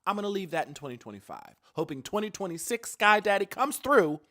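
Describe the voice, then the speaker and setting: A woman delivering a comedic monologue in a video clip, dramatic and swinging between quiet asides and sudden outbursts. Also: mid-range voice, sing-song, a little fast.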